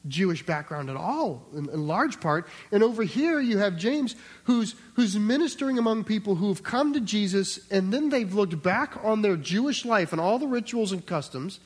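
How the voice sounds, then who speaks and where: A man with a high voice preaches through a scripture passage. He keeps it conversational, acts out the voices he quotes and restarts phrases as he thinks aloud. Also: husky. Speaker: pastor. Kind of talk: expository sermon.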